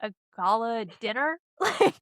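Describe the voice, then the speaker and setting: A woman's voice: a little high, unhurried, no echo, studio quality. A young woman cohosting a podcast, chatting casually about a movie and acting out its scenes. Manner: animated, acts out scenes with quoted voices.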